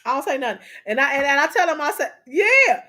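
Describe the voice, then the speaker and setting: A woman's voice: high voice, lively intonation, rapid-fire, pushed and bright. A woman co-hosting a casual chat, telling stories animatedly, repeating phrases for emphasis and talking straight to her audience. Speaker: co-host.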